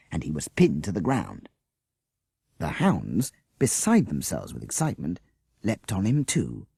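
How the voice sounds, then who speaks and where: A man reading a children's storybook aloud with lively, expressive narration. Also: sits low, gravelly, slightly rough, no echo, clean studio sound. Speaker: audiobook narrator.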